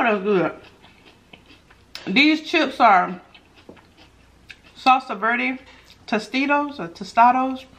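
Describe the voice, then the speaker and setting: A woman's voice: mid-range voice, sharp tone. A woman hosting a mukbang eating show, chatting casually to her viewers between bites and laughing often. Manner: chatty, giggly, talks to viewers while eating. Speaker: mukbang host.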